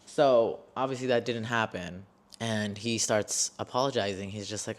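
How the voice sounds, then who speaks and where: A young man in his twenties with a somewhat low voice tells his own story straight to the camera. He is blunt and emotional, swears freely, and circles back over his words when he gets worked up. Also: normal speed. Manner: repeats and restarts phrases when worked up. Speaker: vlogger.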